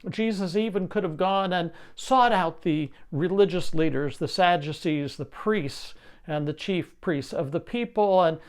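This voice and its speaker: Higher-voiced man preaching a lively sermon. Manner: lively expository preaching with rhetorical questions.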